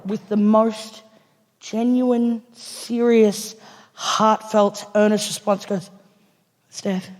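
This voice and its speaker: A woman's voice: mid-range voice, flat delivery, extremely slow, darkish tone. An Australian woman comedian telling a story on stage, laughing through her punchlines and acting out other people's lines. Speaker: stand-up comedian. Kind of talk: live stand-up storytelling. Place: large theatre stage before a live audience. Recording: live theatre with long reverb.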